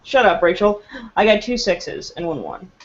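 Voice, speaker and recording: A woman's voice: on the low side, very animated, moderate pace. A woman playing a tabletop role-playing game, talking nervously, swearing and laughing between rolls, on a dull lo-fi recording. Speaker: player. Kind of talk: casual tabletop game play.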